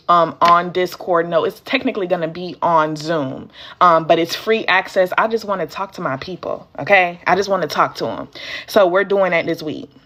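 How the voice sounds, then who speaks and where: A woman's voice: lowish voice, a bit bright. Chatty woman coaching on a live stream. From United States. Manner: chatty, talks straight to viewers and answers their comments. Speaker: courier business coach. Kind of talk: casual live-stream teaching. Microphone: phone live stream.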